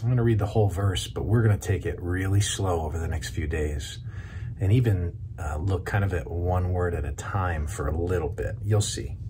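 A pastor speaks a short devotional straight to camera, slowing down to lean on single words. His voice sits very low. A faint hiss runs under the recording. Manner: earnest, stresses single words with long pauses. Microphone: camera video.

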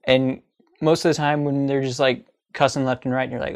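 A man's voice: mid-range voice, level tone, a little fast, clean tone. Sarcastic man ranting casually. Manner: chatty, sarcastic, breaks into mocking sung parodies. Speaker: comedy vlogger. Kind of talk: casual comedic monologue.

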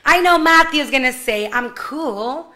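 Woman kindergarten English teacher, high voice, slow careful delivery. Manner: animated, switches between English and Spanish, sings prompts. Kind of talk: online class for young children.

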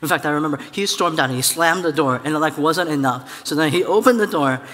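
A man preaching a sermon as a church elder, telling a personal story in a lively way and acting out the voices of the people in it. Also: a little high, fast. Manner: animated storytelling, acts out voices, laughs at own story. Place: church hall. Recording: church hall with long reverb.

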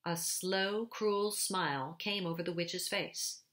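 A woman reading a children's storybook aloud in a gentle, unhurried narration. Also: on the low side. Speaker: storybook reader.

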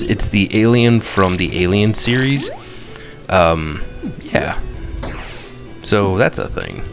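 A man commentating his mobile game playthrough, playful and excitable, chanting silly eating noises and squealing high at surprises. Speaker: gamer. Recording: game music behind.

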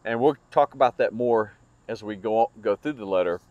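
A man's voice: on the low side, normal speed, a little mellow, no room sound, lo-fi sound. A man teaching a Bible study lesson in an earnest, explanatory way, with small restarts and fillers.

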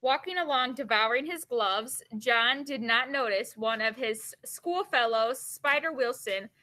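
A woman reading a children's chapter book aloud, pausing to explain the story in plain, casual words. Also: on the high side, sharp tone, poor audio.

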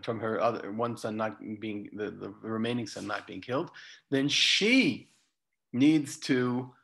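A man's voice: fairly low pitch, unhurried, creaky, a bit bright. A man who is a rabbi, giving a conversational lecture that retells a bible story and quotes its figures. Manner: conversational, with restarts and quoted speech. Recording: dull lo-fi lecture recording.

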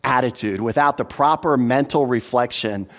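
A man's voice: medium pitch, normal speed, fairly bright tone. A man preaching an expository sermon as pastor, earnest and teacherly, stressing points by repeating them. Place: church hall. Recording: long hall reverb.

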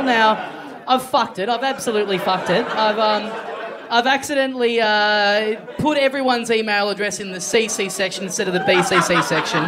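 Brief: Australian male co-host, live podcast, loose and sweary, reads emails, audience roaring behind. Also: high-pitched. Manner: reads listener emails aloud, sweary, laughing asides. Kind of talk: live comedy podcast banter. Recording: live show with loud audience.

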